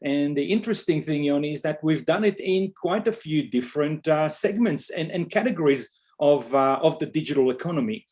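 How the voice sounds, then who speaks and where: A man's voice: on the high side, animated, brisk, hardly any pauses, a little mellow. Israeli-accented businessman in his fifties. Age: 50s. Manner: fluent but hesitant, many "uh" fillers. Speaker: entrepreneur guest. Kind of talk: podcast interview.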